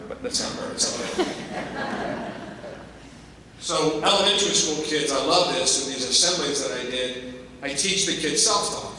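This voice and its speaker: Older man, motivational speaker, emphatic and energetic, bright voice, distant mic, big echoey hall, faint background noise. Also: medium pitch. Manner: energetic, emphatic, rhetorical questions to the audience. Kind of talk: motivational keynote address. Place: large hall at a staff convocation.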